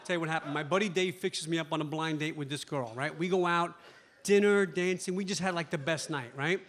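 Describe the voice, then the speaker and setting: A man's voice: on the high side, fairly bright tone. A male stand-up comedian telling an anxious story on a club stage, checking in with "right?". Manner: fast storytelling, frequent "right?". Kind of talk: stand-up set.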